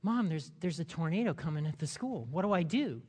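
A woman's voice: lowish voice, animated, a little mellow, husky. A man voicing a panicked teenage girl. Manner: hurried, panicky.

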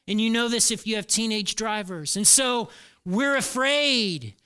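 A man's voice: high-pitched, a little slow, bright, forceful tone, clear, resonant tone. A middle-aged male pastor preaching a conversational sermon, repeating key phrases for emphasis.

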